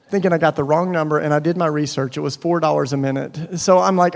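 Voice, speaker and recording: A man giving a personal storytelling talk at a faith gathering, animated and acting out the voices in his stories. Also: a little high, brisk, creaky, hardly any pauses. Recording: long hall reverb.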